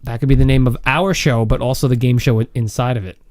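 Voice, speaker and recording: A man's voice: medium pitch, fairly even intonation, fast talker, darkish tone. A man co-hosting a casual comedy podcast, rambling through ideas and laughing often. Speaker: podcast co-host.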